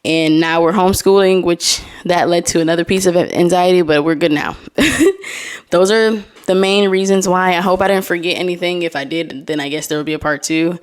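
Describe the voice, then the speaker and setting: A woman's voice: lowish voice, fairly even intonation, a little fast, clean tone. A young adult woman hosting a casual solo podcast, reading posts aloud and laughing between them. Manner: chatty, reads posts aloud with laughing asides. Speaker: podcast host.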